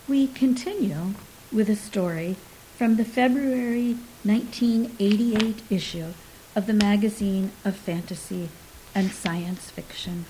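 A woman reading short stories aloud in a steady, measured way, dropping softly into a whisper at times. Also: mid-range voice, poor audio. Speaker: story reader. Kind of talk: scripted narration of short stories. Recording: faint hiss behind voice.

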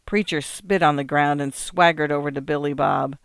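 A man narrating a story as an audiobook, in a measured, even storytelling manner. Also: on the high side, creaky, smooth, dry recording, clean studio sound.

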